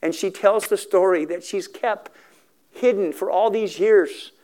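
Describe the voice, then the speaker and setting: A man's voice: sits high, measured pace, a little mellow. A middle-aged man telling a story in a sermon for a recovery ministry, earnest and emotional, acting out the dialogue.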